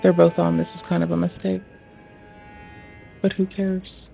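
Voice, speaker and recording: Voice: mid-range voice, level tone, unhurried, vocal fry, dark tone, soft background music. A streamer talking casually and swearing freely, muttering to themself and asking the screen questions while fiddling with game graphics settings. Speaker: livestreamer.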